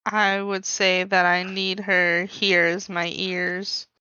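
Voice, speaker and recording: A woman's voice: lowish voice, level tone, slow pace, pushed and bright, clear, resonant tone, no echo. A woman playing in a tabletop game, talking in a laid-back way with casual swearing. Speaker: player. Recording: dull lo-fi dry mic.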